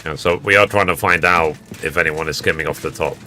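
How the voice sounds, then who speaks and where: A man's voice: rumbling low, fairly quick, bright, forceful tone, soft background music. A man giving casual commentary while streaming a video game, musing aloud to himself between hesitations.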